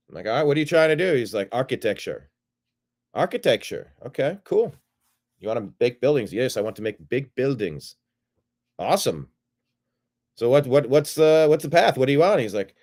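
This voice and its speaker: A middle-aged man hosting a show, casually rambling as he retells a phone call and acts out both sides of it. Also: on the low side. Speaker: show host. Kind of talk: casual livestream monologue.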